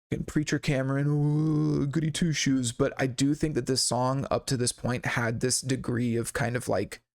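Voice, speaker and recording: A man hosting a casual song breakdown, talking in a laid-back, rambling way with lots of fillers and restarts. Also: mid-range voice. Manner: laid-back and candid, with occasional swearing. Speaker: songwriting channel host.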